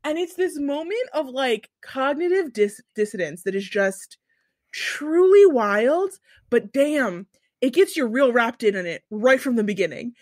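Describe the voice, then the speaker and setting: A woman's voice: sits high, animated, unhurried, no echo, studio quality. A woman co-hosting a podcast, telling a long story in casual chat with big swings in her voice and some swearing. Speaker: podcast co-host.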